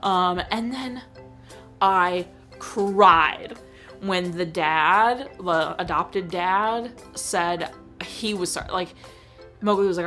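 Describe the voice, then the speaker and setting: Animated young woman chatting about films. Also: fairly low pitch, slow, over music. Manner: animated, gushing, filler-heavy with frequent "like". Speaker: host reviewing films. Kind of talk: casual chat.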